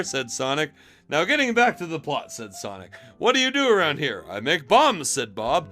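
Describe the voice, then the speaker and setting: A man's voice: a little high, normal speed, soft background music. A man reading a fan story aloud on a live stream, giggling between lines. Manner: reads dialogue tags flatly, breaks into laughter.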